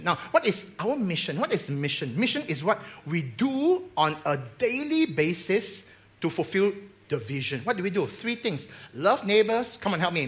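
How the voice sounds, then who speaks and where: A man preaches in a church with energy, stumbling over repeated words as he goes. His voice sits a little high, and he keeps drawing the congregation into call-and-response. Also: fairly bright tone. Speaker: pastor. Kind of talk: sermon. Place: church hall.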